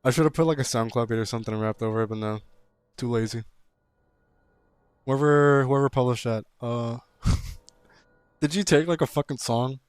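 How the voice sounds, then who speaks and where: A man's voice: medium pitch, moderate pace, long pauses, smooth, no echo, faint music behind. A man reading viewer-submitted horror stories aloud and mocking them, laughing and swearing between lines. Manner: laughing, profane, mocking commentary. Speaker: creepypasta reader.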